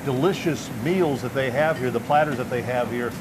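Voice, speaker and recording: A man hosts a local TV feature in a friendly, chatty way. He keeps a middle pitch and fills gaps with easy mm-hmms. He is recorded on location in a restaurant, with clear background noise around him. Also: moderate pace. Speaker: TV segment host. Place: restaurant and its kitchen.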